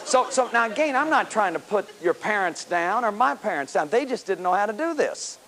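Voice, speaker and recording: Fifties guy giving a self-help talk, lively swinging voice, keeps repeating words for emphasis. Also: high voice, a little fast, some chatter behind. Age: 50s. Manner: animated, emphatic, repeats words when stressing a point. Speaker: speaker on healing the inner child.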